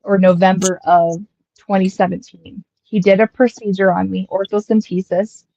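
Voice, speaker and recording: A young woman from Colorado casually telling a long personal story, rambling and quoting people in lively asides. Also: medium pitch, normal speed, gravelly, no echo, muffled recording. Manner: chatty, rambling, quotes others in lively asides.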